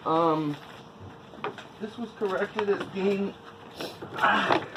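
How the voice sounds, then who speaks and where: Halting, fairly high-voiced man talking figures. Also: heavy background noise. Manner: halting, works through figures aloud. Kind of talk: casual on-site discussion.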